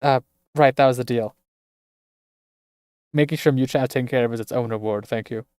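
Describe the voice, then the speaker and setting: A man's voice: mid-range voice, fairly quick, darkish tone, smooth, dry recording, lightly acted. Earnest young heroine, read by a male streamer; sincere, pleading, dry booth sound. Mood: polite. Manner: sincere, pleading, reading dialogue aloud.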